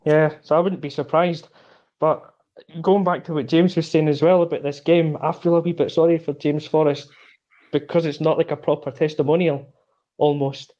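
A man, a guest on a football podcast, talking in a relaxed, rambling way. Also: fairly high pitch, moderate pace, highs cut off. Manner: relaxed, rambling, laughs easily. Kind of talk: casual football chat.

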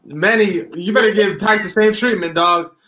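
A man hosting a casual chat over a video call, slangy and quick to laugh. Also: high voice, sharp tone. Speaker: host.

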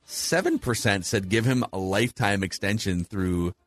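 Low-voiced man hosting a sports talk show. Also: normal speed. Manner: analytical, runs polls and asks questions. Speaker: podcast host.

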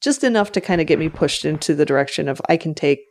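A woman guest, a makeup artist, talking through her career in a relaxed, measured way on a casual podcast. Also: sits low.

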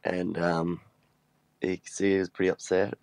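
A man's voice: sits low, flat delivery, measured pace, creaky, darkish tone, no room sound. A man telling an embarrassing story in a voice message, rambling and swearing. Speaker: listener sending a voice message.

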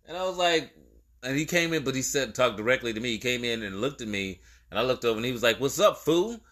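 A man's voice: medium pitch, fast. A young man co-hosting a podcast, chatting casually and acting out the people in his stories. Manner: animated storyteller, acts out quoted exchanges. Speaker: podcast co-host. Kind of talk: casual chat.

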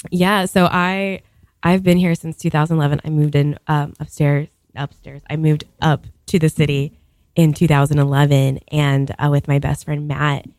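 A woman's voice: low voice, little pitch movement, moderate pace, a little mellow, no room sound. A woman in her thirties from Virginia, telling a long funny story in a chatty way, full of fillers. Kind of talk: casual comedic storytelling.

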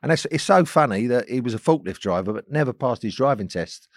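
A man, a podcast guest telling anecdotes in a chatty, chuckling way that sinks into low asides. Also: animated, fairly quick, no echo, clean studio sound. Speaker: podcast guest, former footballer. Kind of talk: casual storytelling chat.

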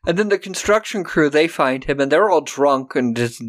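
A man co-hosting a podcast, recapping a film in casual chat, laughing, swearing and acting out lines in quick voices. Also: fairly high pitch, expressive. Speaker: podcast co-host.

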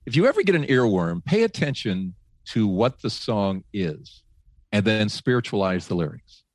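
A man who once worked as a radio host, telling faith stories in casual talk, animated, laughing often and restarting his sentences. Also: lowish voice, normal speed, no room sound. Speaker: guest, former radio host.

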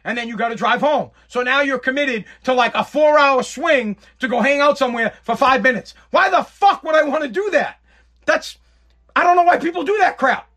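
A man's voice: extremely high pitch, normal speed, pushed and bright. A man in his thirties hosting a podcast, ranting casually with plenty of swearing and repetition. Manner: ranting, profane, repeats himself. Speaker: podcast host. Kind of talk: casual rant.

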